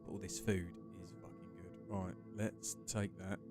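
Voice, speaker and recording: A man's voice: sits low, little pitch movement, normal speed, loud music behind the voice. A man chatting casually and swearing as he streams a game, greeting his chat by name. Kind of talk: casual live-stream commentary while gaming.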